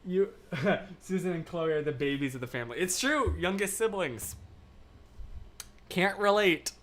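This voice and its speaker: A man's voice: high voice, expressive, unhurried, fairly bright tone. A young American man in his twenties hosting a live stream, chatting casually and rambling with lots of fillers while reading out viewer comments. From United States. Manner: rambling and chatty, many fillers, laughs often. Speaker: livestream host.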